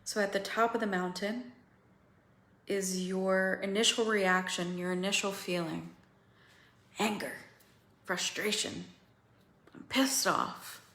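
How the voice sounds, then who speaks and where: A woman coaching other women through a feeling practice, slow and pausing, candid and swearing now and then. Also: medium pitch, fairly even intonation, a bit bright, reverberant. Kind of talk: guided emotional coaching talk.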